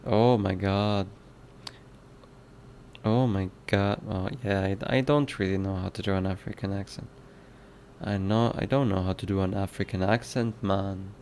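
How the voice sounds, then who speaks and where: A man's voice: low-pitched, steady tone, unhurried, darkish tone, slight background noise. A man who develops games, musing aloud to himself in a casual working vlog and chuckling at himself. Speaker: game developer.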